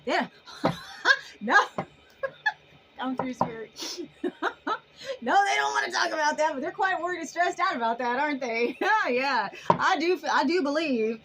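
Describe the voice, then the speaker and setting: A woman giving a casual tarot reading to her viewers in an animated, emphatic way, often laughing. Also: high voice, moderate pace, a little hiss or hum, rough recording. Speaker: tarot reader.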